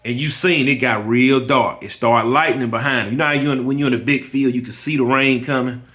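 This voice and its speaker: An emphatic man in a medium-pitched voice, talking earnestly to the camera about his own business. He repeats himself for emphasis and keeps urging the listener to listen as he tells a story. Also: steady tone, fairly quick, bright, forceful tone. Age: adult with kids. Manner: storytelling with quoted dialogue. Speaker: lawn care business owner. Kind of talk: motivational personal talk.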